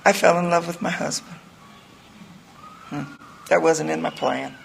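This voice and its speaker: A woman's voice: low-pitched, steady tone, a little slow, vocal fry, noisy background. An older woman giving a candid, rambling personal testimony to a group, mocking herself as she tells it. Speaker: recovery speaker.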